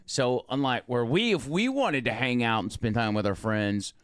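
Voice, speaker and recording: A man's voice: mid-range voice, animated, moderate pace, a bit bright, smooth, no room sound. A man, co-hosting a podcast in casual, rambling chat. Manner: laid-back, rambling with fillers. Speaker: podcast co-host.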